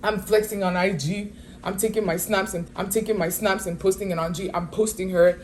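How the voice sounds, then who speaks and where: Animated slangy woman telling a story. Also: mid-range voice, a little fast, a little hiss or hum. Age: 20s. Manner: animated, slangy, exasperated retelling. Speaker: vlogger. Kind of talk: casual storytime.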